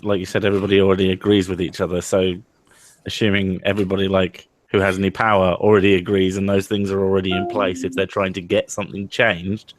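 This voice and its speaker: Low-voiced sarcastic young man. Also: flat delivery, fast talker, a little hiss or hum. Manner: sarcastic joker. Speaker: stream guest. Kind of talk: casual chat.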